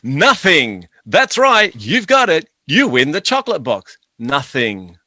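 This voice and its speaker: A man telling lively stories as a podcast guest, acting out the scenes as he goes. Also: fairly high pitch, slow, no room sound. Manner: animated, laughing storyteller acting out scenes. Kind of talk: podcast interview, anecdotal storytelling.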